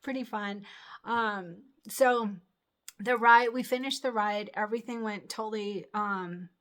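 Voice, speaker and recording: A woman's voice: mid-range voice, fairly even intonation, measured pace, a bit bright. A middle-aged woman hosting her own channel, telling a personal story in a rambling, chatty way with many fillers and restarts. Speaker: channel host. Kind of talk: casual storytelling.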